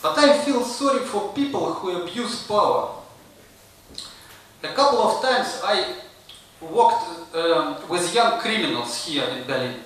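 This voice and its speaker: A man from Russia with a Russian accent, performing a stand-up comedy set with a slow, deadpan delivery. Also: high voice. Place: stage in a comedy venue. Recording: very echoey room, voice from a distance, audible noise.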